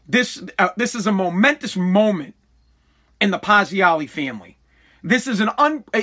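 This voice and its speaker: A middle-aged man hosting a podcast, delivering an animated, mock-pompous comedic rant full of swearing. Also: sits high. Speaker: podcast host.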